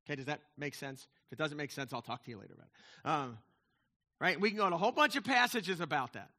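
A man's voice: on the high side, expressive, fast talker, bright, forceful tone. A man in his fifties, a pastor giving a chatty, digressive sermon with frequent asides to the congregation. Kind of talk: conversational sermon.

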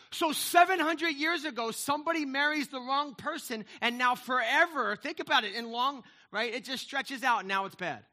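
A man's voice: extremely high pitch, moderate pace, hardly any pauses, bright, forceful tone. A man in his fifties, a pastor giving a chatty, digressive sermon with frequent asides to the congregation. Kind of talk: conversational sermon.

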